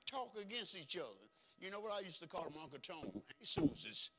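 A man preaching a folksy, emphatic sermon as pastor, swinging between soft and loud. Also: high voice, expressive, a little fast, few pauses. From rural background.

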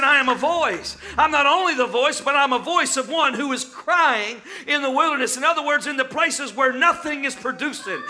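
A man preaching a sermon in call-and-response style, often shouting and chanting his lines. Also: very high voice.

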